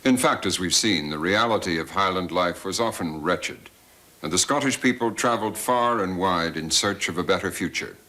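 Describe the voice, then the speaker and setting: A middle-aged man narrating a documentary as host, measured and expressive. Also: low voice, dry recording. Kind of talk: scripted narration.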